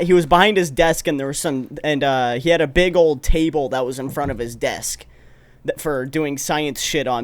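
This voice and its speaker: A young man rambles through a story on a casual podcast call, restarting his sentences and swearing often. His voice sits a little high. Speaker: podcast co-host.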